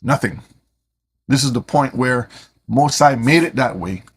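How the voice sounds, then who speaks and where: A man teaching scripture in an animated way, often repeating words as he starts a sentence. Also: mid-range voice, measured pace, slightly rough. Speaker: Bible teacher.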